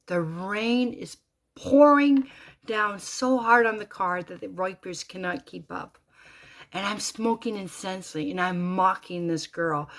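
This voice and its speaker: A middle-aged woman telling a personal story as a rambling monologue, animated and swearing freely, with lots of asides. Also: on the low side, unhurried.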